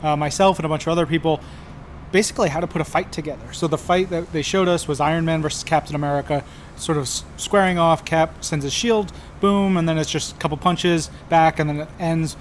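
A man reporting as a podcast correspondent, chatting in a lively, teasing way. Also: fairly high pitch, a little fast, slight background noise. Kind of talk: casual banter.

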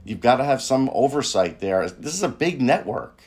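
A man's voice: mid-range voice, very animated, moderate pace, a little mellow. A man co-hosting a casual sports chat, laid-back with wry, dry humor. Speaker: podcast co-host.

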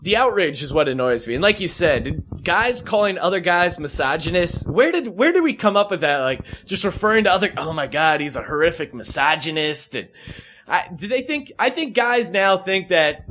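Animated ranting man, high voice. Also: normal speed, a little hiss or hum. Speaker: podcast host. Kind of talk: casual podcast chat.

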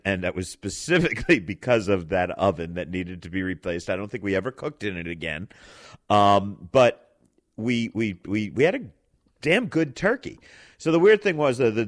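A man hosting, telling a casual story and acting out the quoted voices. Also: deep voice. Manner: animated, acts out quoted voices. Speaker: host.

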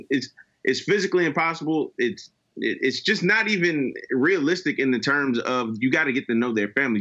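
A man's voice: mid-range voice, a bit bright, breathy edge, lo-fi sound. A man on a podcast panel, giving his opinion in emphatic, reasoned casual chat.

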